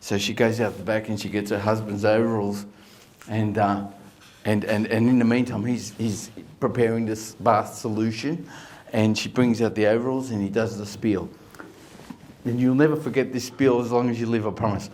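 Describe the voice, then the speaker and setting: A man's voice: fairly low pitch, steady tone, moderate pace, a little mellow. A man, a guest comedian telling a long joke in a chatty way. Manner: chatty storytelling.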